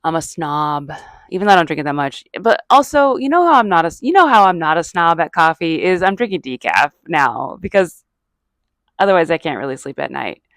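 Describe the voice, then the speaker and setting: A woman's voice: low voice, sing-song, fairly quick, a bit bright, no room sound. A middle-aged woman from Arizona, a comedian hosting her own podcast, talking in a chatty, self-mocking ramble that wanders off topic. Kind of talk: casual rambling monologue.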